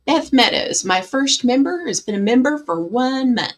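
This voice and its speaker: A woman's voice: high voice, animated, normal speed, hardly any pauses. A woman hosting a casual livestream from her bedroom, chatting with viewers. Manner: chatty, coos baby talk to her cat. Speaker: livestream host.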